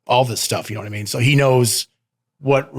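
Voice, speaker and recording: A man's voice: mid-range voice, fairly even intonation, fairly quick. A man being interviewed in a casual sit-down chat. He talks in a rowdy, loose way, laughs often, swears freely and calls the host "babe". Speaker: professional wrestler guest. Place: interview studio.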